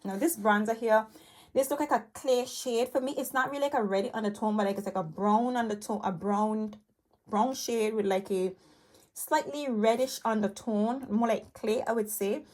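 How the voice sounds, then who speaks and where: A woman's voice: a little high, moderate pace, a little mellow. A woman vlogging about her favorite beauty products in a rambling, enthusiastic way, full of fillers, a bit out of breath while recording on a handheld tablet at home. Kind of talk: chatty product review. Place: home room cluttered with makeup. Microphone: tablet held in hand.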